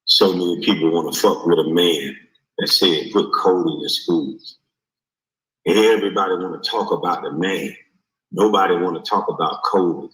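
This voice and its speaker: A man delivering a heated, profane rant in a streamed clip, forceful and animated. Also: sits low. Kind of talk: heated ranting monologue. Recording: roomy echo.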